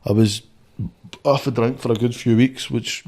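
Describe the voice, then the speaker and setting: A man's voice: medium pitch, fairly even intonation, moderate pace, darkish tone. A Scottish man in his twenties, a boxer and podcast guest, telling rambling stories full of swearing. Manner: swears constantly, rambling storyteller. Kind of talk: casual podcast chat.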